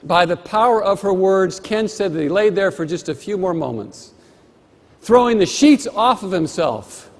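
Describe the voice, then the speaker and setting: Speaking at a moderate pace with a high, lively voice, a motivational speaker gives a keynote in a big conference hall. He drives his points home with rhythmic, emphatic repetition into a stage mic, and the room adds a long reverb.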